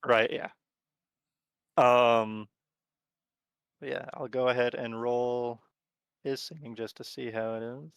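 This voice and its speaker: A man narrating as game master of a tabletop horror game, talking in a relaxed, rambling way with lots of fillers. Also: mid-range voice, takes it slowly, gravelly, pauses often, clear, resonant tone, dry recording.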